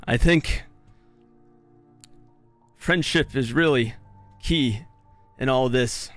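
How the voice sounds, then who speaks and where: A man leads a pretend funeral in a halting, mock-solemn way. His voice sits in a middle register. Faint music plays underneath. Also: medium pitch, a bit bright, no room sound. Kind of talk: playful mock-solemn speech.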